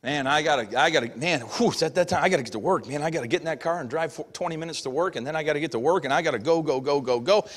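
A man's voice: a little high, racing, hardly any pauses. A middle-aged man preaching a sermon as pastor in a folksy, conversational way, acting out little everyday voices. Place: church sanctuary. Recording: long hall reverb.

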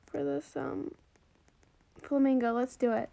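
Bubbly high-voiced young woman vlogger. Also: fairly even intonation, measured pace, vocal fry, warm tone, slight background noise. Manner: bubbly, chatty, pleading, self-mocking. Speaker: gaming vlogger. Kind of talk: casual gameplay commentary.

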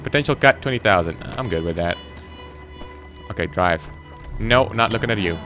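A teenage boy giving rambling, excitable commentary while playing a video game. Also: on the low side, normal speed, soft background music. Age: teens. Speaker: gaming channel host. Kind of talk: gameplay commentary.

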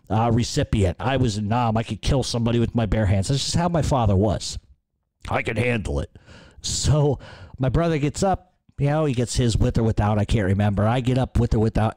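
A man's voice: mid-range voice, dark tone, dry recording. A man hosting a podcast, telling a rambling, profanity-laced story. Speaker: podcast host. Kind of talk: casual storytelling.

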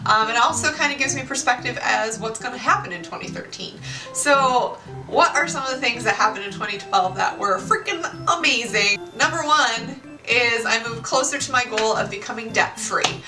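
A woman's voice: fairly high pitch, moderate pace. A woman in her late twenties chatting casually to her viewers in a bubbly, exclamatory way. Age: 20s. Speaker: YouTuber. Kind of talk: casual chat to camera. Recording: roomy echo, far from the mic, music behind. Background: music.

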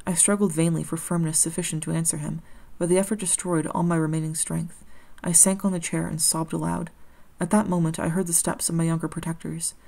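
A woman reading a classic novel aloud as an audiobook, in a measured, steady storytelling manner. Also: lowish voice, vocal fry. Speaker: audiobook reader.

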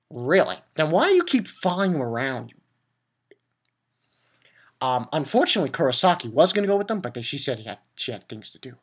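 With a fairly high, slightly rough voice, a man reviews an anime episode casually, swearing and venting his frustration. His delivery is lively and meandering, full of false starts and fillers.

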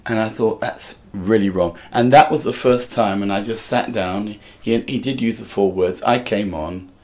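A man's voice: lowish voice, moderate pace, darkish tone. An older man from England, a musical comedian, telling wry stories in a casual interview and acting out other people's voices.

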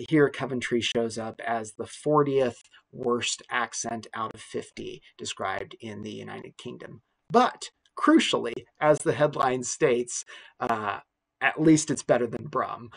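A university lecturer explains things in a measured, steady way. His voice has a gravelly, creaky edge and a husky texture, and it sits at a middle pitch. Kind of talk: recorded lecture.

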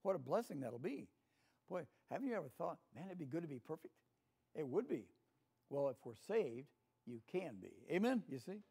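Slightly high and dark, the older Southern man's voice swings widely in pitch at a moderate pace, with creak and a breathy edge. He teaches a folksy Bible lesson as a Sunday school teacher, chatting and frequently asking the room for an amen.

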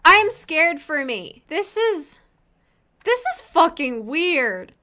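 A woman's voice: sits high, sing-song, takes it slowly, bright, forceful tone. A woman hosting a casual let's play, commenting in a profane, exasperated, self-mocking way.

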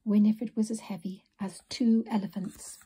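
A woman narrating a children's storybook in a soft, often whispered reading voice. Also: medium pitch, flat delivery, moderate pace, husky.

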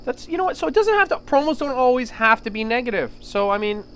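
Excitable man hosting, hammy promo energy, lively swooping pitch. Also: quick pace, clean tone. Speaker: podcast host. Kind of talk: casual podcast banter.

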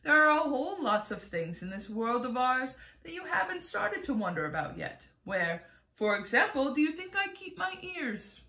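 A woman reads aloud as a wise old grasshopper who plays the violin, talking with gentle pride and a lecturing air. The voice sits bright and lively with a roomy echo around it. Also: high-pitched, moderate pace, hardly any pauses, voice pushed up, full character voice.

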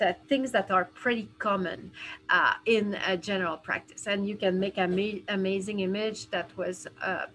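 A woman with a French accent teaches dentists in a live webinar. She talks from her office in a halting way and fills her pauses with "uh". Her voice comes through a video call. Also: medium pitch, fairly bright tone, poor audio. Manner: halting, many fillers and restarts. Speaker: dental educator. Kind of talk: webinar lecture with Q&A. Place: dental office.

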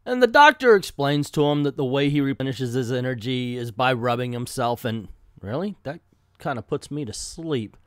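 A man's voice: medium pitch, animated, moderate pace, a bit bright, no room sound, studio quality. A man hosting a casual comedic comic book review, sarcastic and exasperated.

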